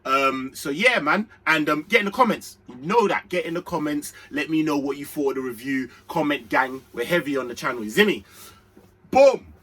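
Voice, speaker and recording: Young guy hyped up about his team, husky bright voice, lots of slang. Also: on the high side, a little fast, hardly any pauses. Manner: excitable, slangy, chatty. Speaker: football channel host. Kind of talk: casual fan match reaction.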